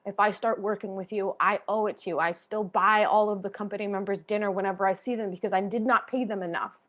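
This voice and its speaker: Candid, passionate woman on a panel. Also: medium pitch. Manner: passionate, candid, swears casually. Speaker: panel guest, theater artist. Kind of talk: panel discussion talk.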